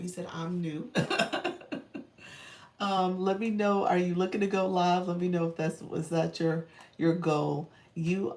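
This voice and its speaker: A woman's voice: fairly low pitch, gravelly, darkish tone, far from the mic. A woman coaching viewers on a livestream in a chatty way, thanking them often and laughing easily. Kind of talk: live-stream coaching chat. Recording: echoey room, voice off-mic.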